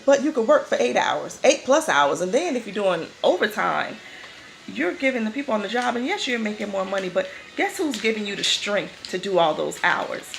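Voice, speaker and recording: A woman talks through a devotional in a loose, conversational way, often repeating or restarting her phrases. Her mid-pitched voice carries a heavy, gravelly fry. A faint hiss of noise sits behind her. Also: sing-song, moderate pace, poor audio. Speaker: vlogger giving a faith talk. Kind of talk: casual spoken devotional.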